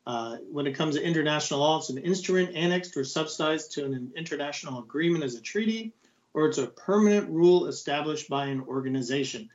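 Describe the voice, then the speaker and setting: A man's voice: on the high side, fast talker, highs cut off. A man co-hosting a Bible study program, chatting casually and teasing his partner. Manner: joking, teasing, lively.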